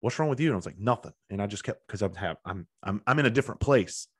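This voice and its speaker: Fast-talking profane man hosting a podcast. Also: fairly low pitch, a bit bright, husky, no echo, studio quality. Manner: blunt, profane, emphatic storytelling. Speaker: podcast host. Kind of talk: casual interview chat.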